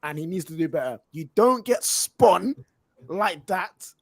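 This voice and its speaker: A man riffs about a match in quick, slangy banter, pitched high. The sound is dry and close. He talks as a football panelist. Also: lively intonation, dry recording. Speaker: football pundit. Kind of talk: casual chat.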